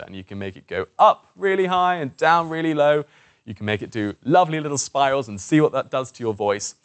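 A man coaching a voice warm-up lesson, encouraging and demonstrative as he guides participants through exercises. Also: fairly low pitch. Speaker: presentation skills coach.

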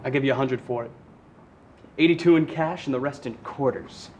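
An actor playing a cocky, boastful teenage boy who fires back quick, brash comebacks in a comedy film. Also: medium pitch, faint music behind, lightly acted. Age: teens.

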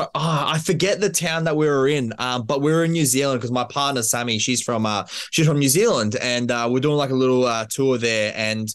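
A man, an Olympic shooter, guest on a podcast. He tells stories in a relaxed way with laughing asides and filler words, at an ordinary middle pitch. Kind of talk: casual interview.

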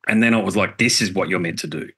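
A middle-aged man talks in a very deep, low register. He recounts things earnestly and reflectively, with casual swearing, in a relaxed interview chat. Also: fast, breathy edge. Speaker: podcast guest, musician.

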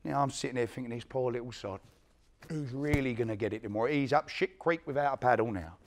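A man's voice: medium pitch, fast talker, lightly acted. A man acting out an aging East London career criminal in a one-man stage monologue, telling his story bluntly and with plenty of swearing. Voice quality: blunt, profane street talk. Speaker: one-man play performer. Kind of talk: theatrical monologue.

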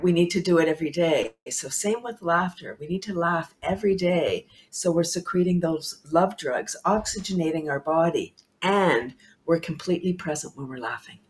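Bubbly woman talking about laughter stuff, lowish voice, laughs a lot. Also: normal speed, hardly any pauses. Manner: bubbly, laughs often, emphatic repetition. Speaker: guest, laughter yoga speaker. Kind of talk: enthusiastic interview talk.

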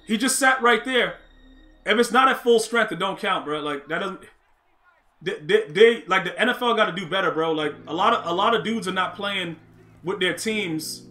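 Excitable high-voiced man streaming a game. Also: moderate pace. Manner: excitable, talks to chat, repeats himself. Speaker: gaming streamer. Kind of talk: live-stream game commentary.

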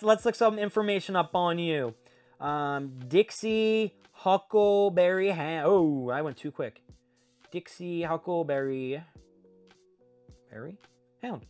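A man hosting a casual collectible video, rambling, correcting himself and poking fun at his own slips. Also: fairly high pitch. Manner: rambling, self-mocking, trailing off. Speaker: host. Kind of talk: casual unboxing chat.

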